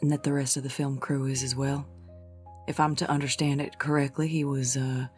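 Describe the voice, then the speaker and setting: A woman's voice: extremely low pitch, level tone, brisk, faint music behind. A woman playing her character in a tabletop game, speaking politely and formally while asking probing questions. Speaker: player.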